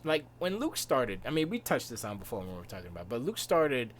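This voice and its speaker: A man's voice: mid-range voice, sing-song, a little fast, a little hiss or hum. A man hosting a live stream, chatting casually in a rambling, joking way. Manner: rambling, joking, trails off into laughter. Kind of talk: casual chat.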